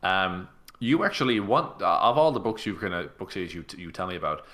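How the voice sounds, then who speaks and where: Low, bright-toned man chatting loosely. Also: lively intonation, fairly quick. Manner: loose, filler-heavy. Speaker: podcast co-host. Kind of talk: casual chat.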